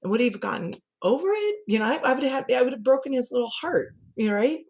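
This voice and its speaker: A middle-aged woman, a communication coach, chatting as a podcast guest and telling animated stories with frequent laughter. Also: high voice, fast, slightly rough. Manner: lively storyteller who laughs often and acts out quotes. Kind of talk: conversational podcast interview.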